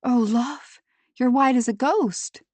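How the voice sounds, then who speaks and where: A woman reading the lines of a kindly, motherly woman in an audiobook, soft and gentle. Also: high-pitched, slow, no echo, voice pushed up. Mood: caring.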